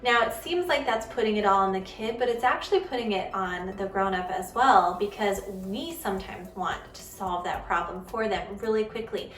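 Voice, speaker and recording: A woman in her thirties hosts a parenting vlog, giving casual advice to camera about handling kids' feelings. She's earnest and conversational, acting out what kids and parents say, in a mid-range, slightly bright voice at normal speed with few pauses. The room is echoey, she's a bit off-mic and distant, and faint music plays.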